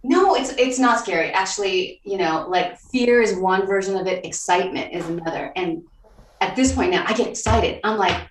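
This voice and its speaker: A woman's voice: medium pitch, normal speed, far from the mic. A woman TV writer answering interview questions in a thoughtful, conversational way, often restarting her sentences. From Vietnam, raised in Texas. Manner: thoughtful, many restarts and fillers. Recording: roomy, a little off-mic.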